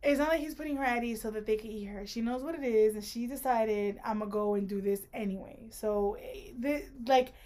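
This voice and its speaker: A woman's voice: a little high, fairly quick, hardly any pauses, mellow. A woman co-hosting a casual book-club podcast, pushing back on points with wry jokes. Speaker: podcast co-host.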